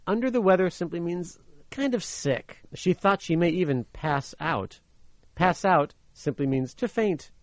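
A playful, animated man from Los Angeles, USA, with a high voice, acts as a slang teacher, telling a fairy tale and breaking down idioms while laughing easily. There's no room sound, but the recording has a slightly muffled, radio-like tone.

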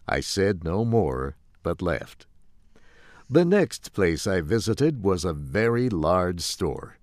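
A man narrating a story slowly and clearly for English learners, in a measured, carefully enunciated way. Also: low-pitched, sing-song, a little mellow, no echo, clean studio sound.

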